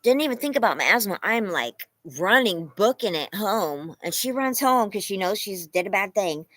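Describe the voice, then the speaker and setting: Chatty Californian woman with a lively voice. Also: mid-range voice, normal speed, dry recording, rough recording. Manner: chatty and animated, laughs often, thanks viewers by name. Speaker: livestream host. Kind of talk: casual livestream chat. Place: home.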